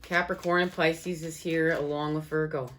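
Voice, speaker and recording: A woman's voice: low-pitched, level tone, fairly bright tone, a little hiss or hum. A woman giving an enthusiastic channeled astrology and tarot reading, talking straight to her viewers as "guys" and repeating her phrases. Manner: repetitive, rephrases lines in quick succession. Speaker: tarot reader.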